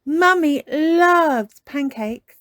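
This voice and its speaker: A woman voicing an excitable little girl piglet in a storybook reading, squealing and eager. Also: high-pitched, very slow, dry recording, pitched above the performer's own voice, full character voice. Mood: excited.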